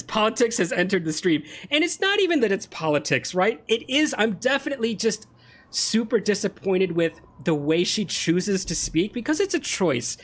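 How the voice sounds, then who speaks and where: An animated game streamer talks casually to viewers while playing. The delivery is ranting and chatty, broken up by frequent laughs. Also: mid-range voice.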